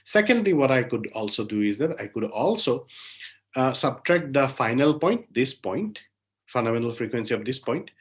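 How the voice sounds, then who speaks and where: Man explaining, checking in with "right?". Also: mid-range voice. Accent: Indian English. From India. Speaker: lecturer. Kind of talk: academic lecture.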